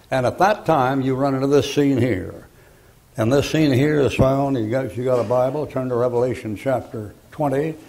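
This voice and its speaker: A man's voice: medium pitch, darkish tone, poor audio. An older man preaching a fiery sermon in a folksy, blunt, emphatic way. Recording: archival sermon recording.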